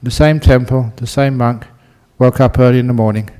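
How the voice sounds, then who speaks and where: The monk's mid-range voice is smooth, and his pace is normal. He delivers a relaxed dharma talk with humor, recounting a story and often breaking into laughter.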